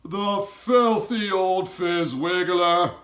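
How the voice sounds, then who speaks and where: Storybook giant, male, old, huge and soft-hearted, played by a man, high and sing-song, broken grammar, slow drawn-out words. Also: big pitch swings, exaggerated voice. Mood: indignant.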